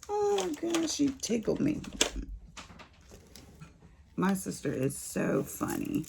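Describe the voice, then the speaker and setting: An older woman chatting straight to her viewers, her voice low and heavily gravelly. Her pitch swings widely as she tells her story in a folksy, lively way, with a faint hiss behind her. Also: a little slow. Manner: animated storyteller, folksy Southern-style talk. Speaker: crafting vlogger. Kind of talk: casual chat to viewers.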